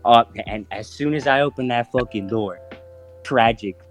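A man's voice: medium pitch, moderate pace, soft background music. A man in his twenties telling a story on a podcast, swearing freely and acting out the voices in his tale. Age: 20s. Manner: profane, animated, acts out voices in his stories. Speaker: podcast host. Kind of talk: casual storytelling.

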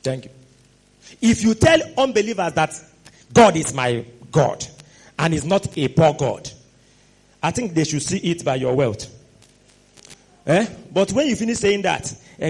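Male preacher, high-pitched, animated, with exclamations and sudden shouts. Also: unhurried, pauses often, slightly rough. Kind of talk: sermon.

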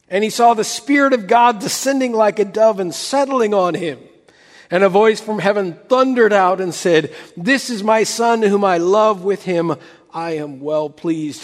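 A man preaching a sermon as pastor, building dramatically and then dropping to a near hush. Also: sits high, in a large hall.

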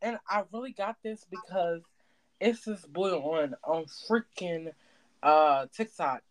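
A woman chatting on a podcast, telling lively stories with loud imitated screams. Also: fairly low pitch, takes it slowly, rough recording. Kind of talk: casual chat.

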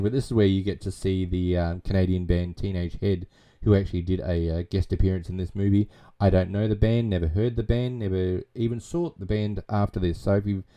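A man's voice: low voice, dark tone. A middle-aged man casually recapping a movie plot, rambling and chatty with many fillers. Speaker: film reviewer.

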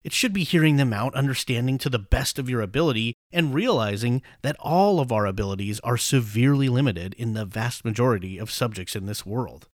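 A man's voice: medium pitch, lively intonation, a little fast, few pauses, no room sound, studio quality. A man hosting a podcast, giving a blunt opinionated monologue and swearing freely in casual banter. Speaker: podcast host.

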